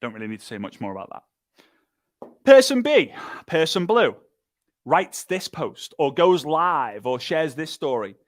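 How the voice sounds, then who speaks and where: Energetic man giving a pep talk. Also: a little high, measured pace, long pauses, a little hiss or hum. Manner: energetic, emphatic, lively, with repetition and mimicry. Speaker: speaker and business trainer. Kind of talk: motivational training talk.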